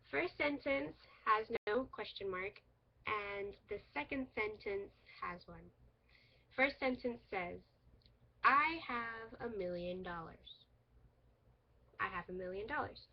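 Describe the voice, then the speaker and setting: A young woman teaches an English lesson in a slightly high, husky voice. She explains things patiently and clearly, with light laughs now and then. The sound is dull and lo-fi, as if from a built-in camera mic. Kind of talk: recorded teaching demo.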